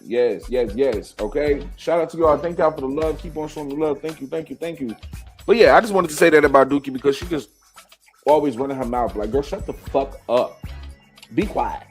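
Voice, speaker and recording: A man's voice: a little high, fairly quick, faint music behind. A man hosting a live gossip stream, ranting in heated, profane commentary straight to his viewers.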